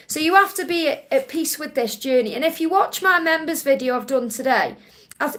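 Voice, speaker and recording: Female live-stream psychic host, high voice, gentle, reassuring delivery. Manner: gentle and reassuring, ends points with a soft "okay?"; relays messages in first person with emphatic repetition. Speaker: psychic card reader hosting a live Q&A.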